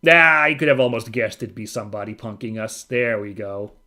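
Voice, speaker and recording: A man streaming a story game, reading its narration aloud and breaking into chatty, excited asides. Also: on the low side, fairly quick. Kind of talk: reading game text aloud with casual commentary.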